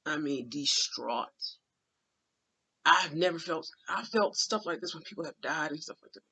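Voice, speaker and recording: A man recounting a vivid dream in casual, rambling speech, emotional and full of fillers, sometimes dropping to a hushed aside. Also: fairly high pitch, animated, moderate pace, slightly rough. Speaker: dream channeler.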